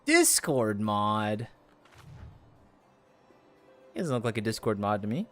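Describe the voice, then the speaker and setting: A man's voice: fairly low pitch, animated, racing, soft background music. A man chatting casually to his viewers while playing a game live. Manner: chatty, rambling, talks to chat. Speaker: streamer. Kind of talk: casual live gameplay chat.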